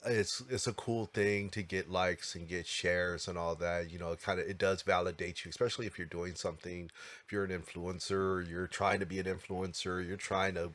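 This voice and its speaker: A man's voice: sits low, little pitch movement, fairly bright tone. A man co-hosting a podcast in casual chat, emphatic and repetitive, sometimes drawing out his words. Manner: emphatic, repeats himself, drawn-out phrasing. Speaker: podcast co-host.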